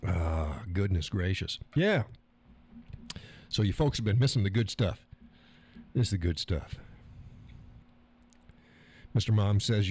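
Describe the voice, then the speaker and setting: A man's voice: lowish voice, expressive, measured pace, long pauses, a little mellow, slightly rough. A man hosting a live stream, rambling and chuckling as he reads viewer comments. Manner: chuckling, rambling, joking with profanity. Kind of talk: casual chat reading viewer comments.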